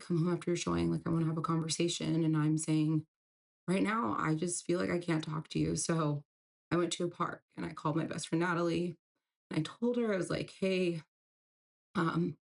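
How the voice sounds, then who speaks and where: Low-voiced woman telling a personal story. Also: vocal fry, darkish tone. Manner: candid, breaks into tearful emotion at hard moments. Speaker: storyteller recounting a breakup.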